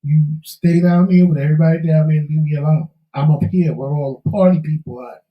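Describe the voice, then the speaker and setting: A man's voice: a little high, fairly even intonation, a little fast, echoey room, distant mic, lo-fi sound. A man co-hosting a talk show, telling a candid life story in an emphatic, preachy way. He is losing his voice. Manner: preachy, emphatic, folksy Southern-tinged slang.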